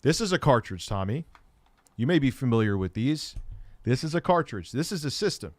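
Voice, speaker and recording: A middle-aged man hosting tech commentary, ranting sarcastically with a lot of swearing, swinging from muttering to shouting. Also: mid-range voice, big pitch swings, moderate pace, dry recording.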